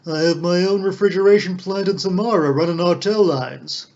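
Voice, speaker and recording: A man voicing a smooth-talking young male con man with a bold, cheeky manner. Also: high voice, normal speed, a little mellow, pitched above the performer's own voice. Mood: bold, eager. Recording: dull lo-fi recording.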